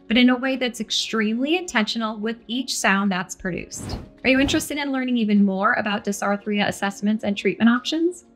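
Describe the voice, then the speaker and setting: A woman speech-language pathologist reads a scripted lesson in a clear, deliberate voice of ordinary pitch. She slows down to model stress and pitch in her examples, and soft music plays faintly underneath. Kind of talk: scripted educational narration.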